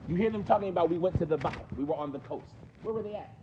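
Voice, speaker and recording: A man's voice: high voice, quick pace, muffled recording, background noise. A man with a New York accent teaching a mosque class, questioning his students in a conversational way. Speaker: teacher explaining hadith.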